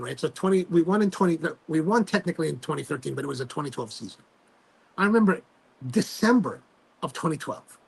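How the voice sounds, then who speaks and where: A man hosting a casual livestream chat, telling animated stories full of fillers and restarts. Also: on the high side. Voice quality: gravelly, husky voice. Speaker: host.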